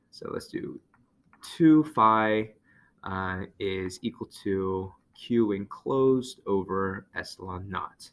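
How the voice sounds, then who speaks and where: A man explaining physics in a relaxed lecture, his low voice slipping into gravelly fry. He thinks out loud, pausing on fillers and correcting himself as he goes. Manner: thinks aloud with many fillers and self-corrections. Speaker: physics teacher. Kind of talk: lecture over a whiteboard.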